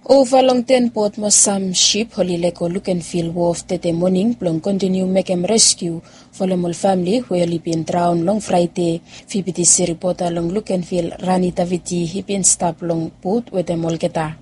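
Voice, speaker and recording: A woman's voice: fairly low pitch, warm tone, slight background noise. A woman with a Vanuatu Bislama accent, a news presenter reading scripted reports steadily.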